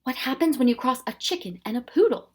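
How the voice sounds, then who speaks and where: A woman voicing a cheerful, joke-loving old male professor who coaxes and exclaims loudly. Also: high-pitched, animated, fast talker, breathy edge, pitched above the performer's own voice. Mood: jovial. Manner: jovial, coaxing, loud exclamations.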